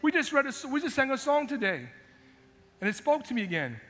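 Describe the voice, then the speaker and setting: Male pastor, fiery sermon delivery, high bright voice, long church-hall echo. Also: big pitch swings, a little fast. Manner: impassioned preaching, swinging from shouts to quiet asides. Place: church sanctuary.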